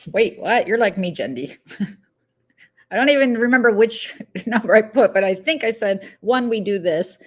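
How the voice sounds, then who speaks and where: Slow-talking chatty woman streamer. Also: medium pitch, animated. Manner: chatty, greets viewers by name, laughs easily. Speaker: livestream host. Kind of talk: casual live-stream chat.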